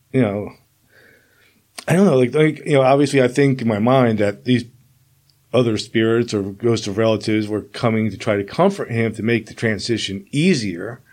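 A man's voice: medium pitch, a little mellow. A man hosting an interview, talking casually and rambling with lots of "like" and "you know". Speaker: host.

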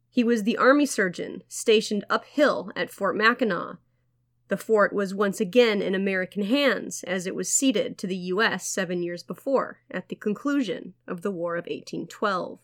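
A woman hosting a history podcast, reading a scripted true story in a measured storytelling manner with wry asides. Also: medium pitch. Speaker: podcast host.

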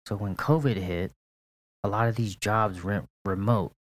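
A young man co-hosting a casual podcast, his voice sitting low. He talks in a laid-back way, swearing freely and laughing often. The sound is dry and close. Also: fairly even intonation, measured pace, no room sound. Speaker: podcast co-host. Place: apartment in St. Petersburg, Florida.

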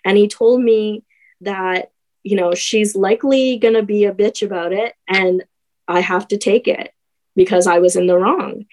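A woman's voice: mid-range voice, a little mellow, poor audio. A young woman telling her own story as a podcast guest, hesitant, with many fillers and restarts. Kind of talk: personal story in a podcast conversation.

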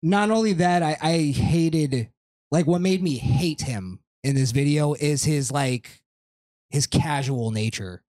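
A man's voice: a little high, takes it slowly. A man hosting a podcast in casual chat, ranting with lots of swearing. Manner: animated, profane ranting. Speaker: podcast host.

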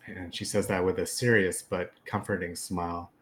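A man's voice: low voice, level tone, normal speed, hardly any pauses, fairly bright tone. A man narrating as game master in casual, filler-heavy talk. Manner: casual, many fillers, laughs often.

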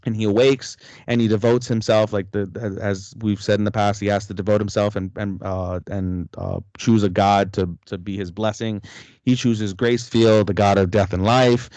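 A man's voice: lowish voice, fairly even intonation, normal speed, darkish tone, no room sound. A man co-hosting a podcast, recapping a story in a rambling, slangy way with heavy swearing. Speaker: podcast co-host. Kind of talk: casual recap chat.

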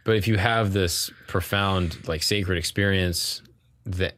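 Male host, low-pitched, easygoing, keeps probing with follow-ups. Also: steady tone, slow pace, fairly bright tone, slight background noise. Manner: probing, asks follow-up questions. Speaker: podcast host. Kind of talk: casual interview chat.

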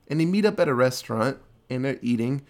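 A man's voice: medium pitch, fast. Casual man retelling a movie plot. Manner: loose, animated retelling with many fillers and swearing.

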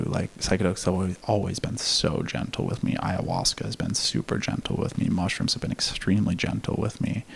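A man's voice: sits low, huge pitch swings, brisk, creaky, few pauses, slight background noise. A man telling a candid personal story in casual conversation, laughing now and then and swearing freely. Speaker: podcast guest.

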